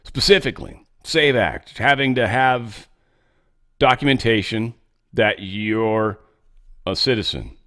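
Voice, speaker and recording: A man's voice: lowish voice, takes it slowly, fairly bright tone. A male host talking through the day's news in a loose, unscripted way. He rambles, curses bluntly and trips over his own sentences as he goes. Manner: rambling, blunt, swears, frequent restarts. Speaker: political commentary host. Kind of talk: casual news commentary.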